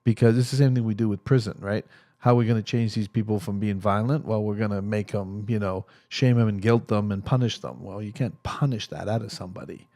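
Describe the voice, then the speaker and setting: A man's voice: fairly low pitch, a little fast, few pauses, dark tone, dry recording. A man being interviewed as a therapist, telling stories animatedly and acting out the voices of the people in them. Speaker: guest, therapist. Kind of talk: storytelling interview talk.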